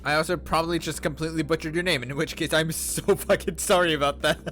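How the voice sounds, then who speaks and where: A man casually chatting as he livestreams a video game, animated and profane, laughing often. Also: a little high, fast. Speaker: streamer. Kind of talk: casual gaming livestream commentary. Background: faint game music.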